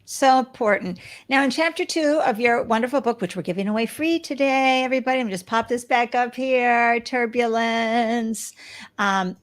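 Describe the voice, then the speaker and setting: A woman host leading an interview, enthusiastic and affirming, quick to laugh and to praise her guest. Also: fairly high pitch. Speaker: podcast host. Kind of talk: interview hosting.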